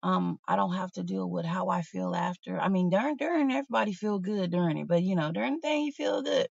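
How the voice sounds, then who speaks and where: A woman's voice: fairly low pitch, fast talker, vocal fry, a little mellow, no room sound. A woman hosting a livestream, talking candidly and bluntly in a rambling, casual way to her viewers. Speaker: livestream host. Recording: dull, slightly lo-fi sound.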